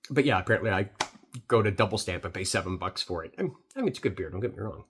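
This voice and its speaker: Man, middle-aged, from Canada, husky voice, casual rambling recap, frequent fillers. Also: mid-range voice. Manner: rambling, swears, many fillers. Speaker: beer reviewer.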